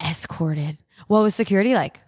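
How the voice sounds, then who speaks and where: A woman co-hosting casual chat, reacting dramatically and quizzing her friend with quick quips. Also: on the low side, a little mellow, slightly rough.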